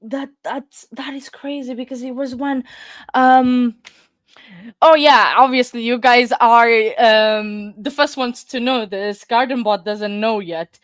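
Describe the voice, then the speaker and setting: A woman's voice: on the high side, fairly even intonation, slow pace, no room sound, clean studio sound. A woman hosting a true crime channel, out of breath and flustered, rambling to her viewers with nervous laughs. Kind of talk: casual chat to viewers.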